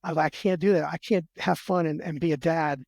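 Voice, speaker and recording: A man pours out his own story as a podcast guest, earnest and heartfelt, stumbling into restarts and repeated words as he goes. His voice sits a touch high for a man and turns gravelly at the ends of phrases. The sound is close and dry, with no room behind it. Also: steady tone, a little mellow, no echo. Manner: earnest, heartfelt, retells conversations in quick back-and-forth. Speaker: podcast guest, military veteran. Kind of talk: emotional personal storytelling in a podcast interview.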